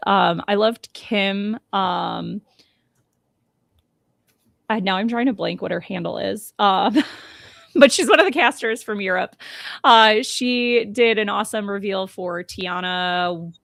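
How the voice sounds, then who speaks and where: A woman's voice: medium pitch, animated, measured pace, vocal fry, dry recording. A woman co-hosting a casual podcast, chatty and full of ums and restarts. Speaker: podcast co-host.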